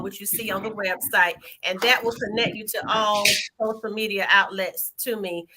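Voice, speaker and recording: A woman with a New York accent, a financial professional on an online panel, talking fast and excitedly. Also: mid-range voice, slight background noise. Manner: fast, excited, rushes her words. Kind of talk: casual online panel chat.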